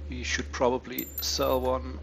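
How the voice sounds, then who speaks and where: A man giving casual, low-key commentary on his turn in a strategy game, thinking aloud with many pauses and ums. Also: completely flat delivery, vocal fry, a bit bright. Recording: dull lo-fi mic with faint hiss.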